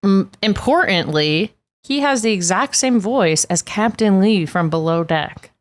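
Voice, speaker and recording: A woman's voice: mid-range voice, animated. Playful woman co-hosting a recap podcast. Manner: playful, laughs often, quick asides. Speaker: podcast co-host. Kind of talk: casual recap chat.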